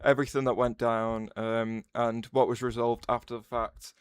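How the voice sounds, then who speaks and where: A man streaming live and chatting loosely with his viewers, often breaking off mid-sentence to start over. His voice is smooth and clean, and it is recorded dry and close with no room sound. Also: mid-range voice, little pitch movement, moderate pace, no room sound. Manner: rambling, restarts sentences, answers chat aloud. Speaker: livestreamer. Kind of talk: casual livestream chat.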